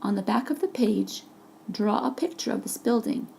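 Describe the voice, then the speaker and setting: A woman's voice: a little high, expressive, normal speed, gravelly, warm tone, a little hiss or hum. A woman teacher narrating a vocabulary lesson over a presentation, patiently explaining each word with examples. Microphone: voice-over for a slide presentation.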